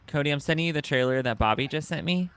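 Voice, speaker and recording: A man co-hosting a casual late-night chat, rambling and excitable, often trailing off mid-thought. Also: on the high side, fast talker, a little hiss or hum. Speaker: co-host.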